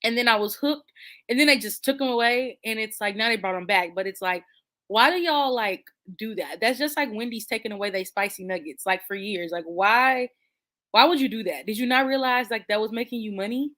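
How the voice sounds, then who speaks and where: A woman hosting a book channel, chatting casually with her viewers and answering their comments in an animated, playful way, with slang and frequent laughter. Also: on the high side, fairly quick.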